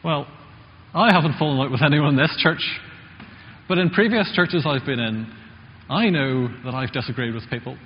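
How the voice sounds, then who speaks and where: A man's voice: fairly high pitch, normal speed, slight background noise. Conversational man preaching in a reverberant church. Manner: conversational, asks the congregation questions. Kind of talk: sermon. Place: church hall. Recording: muffled church recording with long reverb.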